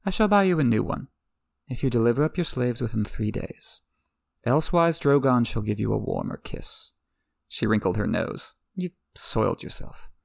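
A man reading the lines of a cool, proud young female queen in a calm, imperious way. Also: mid-range voice, normal speed, creaky, no room sound. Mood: commanding.

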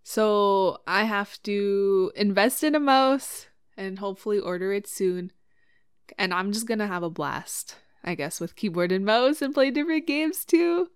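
A woman hosting a casual solo podcast, chatting about her streaming, swearing freely and getting animated when excited. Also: medium pitch, a little slow, clean tone, dry recording, clean studio sound. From Cree community in Canada. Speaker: podcast host.

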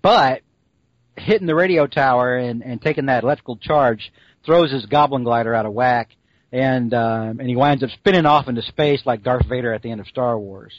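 A man's voice: medium pitch, normal speed, no room sound. Rambling podcast co-host, male, dry slightly muffled mic, jokey recap. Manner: rambling, jokey, full of fillers. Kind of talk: casual comic-book podcast chat.

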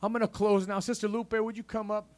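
A man's voice: high-pitched, flat delivery, fast. A man preaching a sermon in a church, punctuating with a call of "amen?" and a rising preacher cadence. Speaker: pastor.

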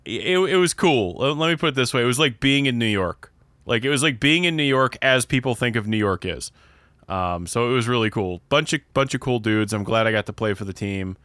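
A man's voice: medium pitch, expressive, brisk, fairly bright tone, dry recording. A young man from Pennsylvania with a Pennsylvania accent, co-hosting a podcast in casual chat and rambling with many restarts. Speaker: podcast co-host.

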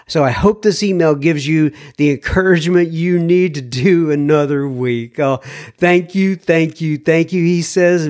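A man hosting a podcast, reading a listener's email aloud with amused laughs and heartfelt thanks. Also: a little high. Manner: warm, amused, laughs often, lifts his voice to read quotes. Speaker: podcast host.

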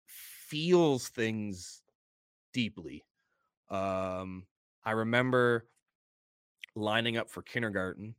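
A man's voice: medium pitch, a bit bright, smooth, no room sound, studio quality. A middle-aged man, a wrestler guest in a casual interview, telling stories in an open, earnest way.

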